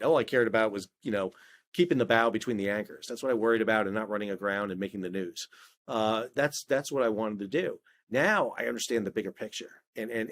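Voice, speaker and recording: A middle-aged man, a former ship officer, telling stories in a casual interview, restarting often and acting out dialogue. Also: on the low side. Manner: animated, many restarts, acts out quoted dialogue. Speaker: guest, maritime expert and video creator.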